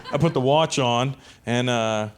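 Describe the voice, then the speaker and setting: Animated male stand-up storyteller. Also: medium pitch, a little slow. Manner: animated, acts out other people's lines. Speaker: stand-up comedian.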